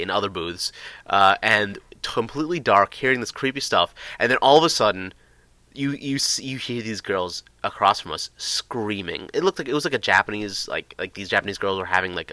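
A man with a low-set but bright, forward voice recounts a personal story in a loose, casual way. He rambles, full of "like" and "uh," and the recording is dry and close. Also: no echo. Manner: rambling, filler-heavy, excitable retelling.

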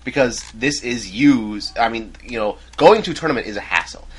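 A man's voice: medium pitch, moderate pace, slightly rough, low-quality recording. A young American man rambling animatedly in a casual chat in a dorm room. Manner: rambling, animated, laughs loudly. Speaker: podcast co-host.

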